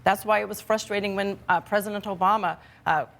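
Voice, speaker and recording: A woman giving her views as a commentator on a TV panel, brisk and assertive. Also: medium pitch, fairly even intonation, gravelly, fairly bright tone. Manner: brisk, assertive, talking-point delivery. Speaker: political commentator. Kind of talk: panel debate. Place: television studio.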